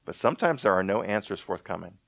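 Man, pastor, sermon, conversational, low-pitched, dry close mic. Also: lively intonation, vocal fry, fairly bright tone, no room sound. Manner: conversational, restarts often, reads scripture slowly.

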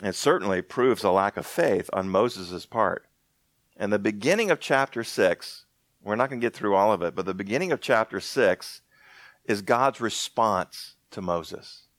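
A man preaching a sermon in a conversational way, slowing down to read scripture aloud. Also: lowish voice, lively intonation, fairly bright tone, no echo. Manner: conversational, restarts often, reads scripture slowly. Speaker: pastor.

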